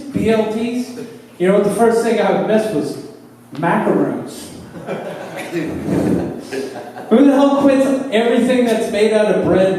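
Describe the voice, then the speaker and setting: A man's voice: sits high, warm tone. A man doing a laid-back stand-up set on a club stage, swearing casually as he talks. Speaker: stand-up comedian. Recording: echoey club from far off.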